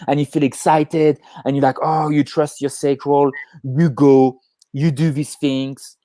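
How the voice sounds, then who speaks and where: A man co-hosting a casual chat on a video call, talking in an animated way, swearing freely and acting out inner voices. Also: fairly high pitch, moderate pace, no echo. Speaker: podcast co-host.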